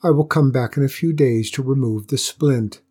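Man as calm young heroine in a storybook, low husky read, steady and determined. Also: moderate pace, close to an everyday voice. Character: brave young village maiden healer, calm and determined.

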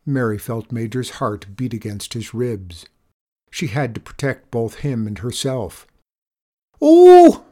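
A man narrating a children's storybook aloud in a gentle, expressive way. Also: medium pitch, a little slow.

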